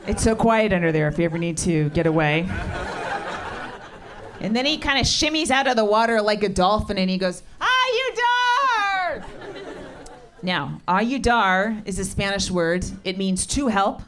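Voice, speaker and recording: A middle-aged woman doing stand-up comedy with crowd work, deadpan, sardonic and profane. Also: medium pitch, moderate pace, a little hiss or hum. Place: comedy club stage. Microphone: handheld stage mic. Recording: live club recording with crowd. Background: laughing audience.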